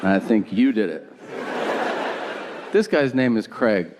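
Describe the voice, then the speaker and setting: A man's voice: lowish voice, lively intonation, measured pace, highs cut off. A man performing stand-up, telling a wry story in a conversational way. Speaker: stand-up comedian. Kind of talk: stand-up comedy set. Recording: live mic with audience noise.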